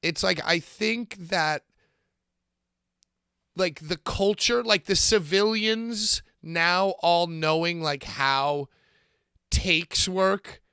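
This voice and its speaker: Bright, gravelly, rambling guy. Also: high-pitched, drawn-out words, dry recording, studio quality. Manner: rambling, excitable, swears. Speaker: podcast co-host. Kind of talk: casual wrestling chat.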